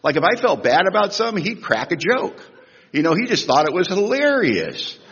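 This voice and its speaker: A husky older man speaks a little fast as he tells stories at a recovery convention in a large, echoey hall, recorded with dull, lo-fi sound. His storytelling is humorous and animated, with big swings in pitch and loudness.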